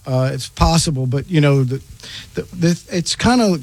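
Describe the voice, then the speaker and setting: Male rock band guest, husky voice, easygoing answers. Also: a little high, animated, moderate pace, darkish tone, dry recording. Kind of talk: radio interview.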